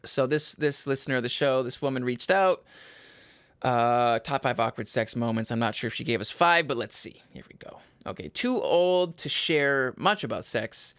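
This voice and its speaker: A young man from Michigan's Upper Peninsula hosting his own podcast, rambling and cutting himself off, laughing at his own jokes and breaking into loud yells. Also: medium pitch, normal speed, smooth, dry recording, clean studio sound. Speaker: podcast host. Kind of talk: casual solo podcast chat.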